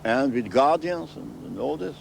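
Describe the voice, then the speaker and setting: An older man being interviewed. He recounts his memories in halting, non-native English and often repeats his phrases. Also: medium pitch, animated, gravelly, slight background noise. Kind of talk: storytelling interview.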